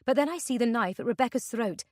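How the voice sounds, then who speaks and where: A woman's voice: a little high, lively intonation, quick pace, darkish tone, dry recording. Lady reading a suspense audiobook, tense first-person telling, dry close sound. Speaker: audiobook narrator. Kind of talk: scripted narration.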